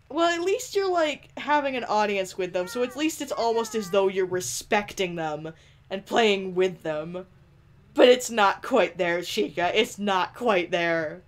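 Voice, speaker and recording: A woman's voice: medium pitch, unhurried. A woman giving playful, giggly gameplay commentary, teasing the characters and talking straight to them on screen. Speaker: let's play host.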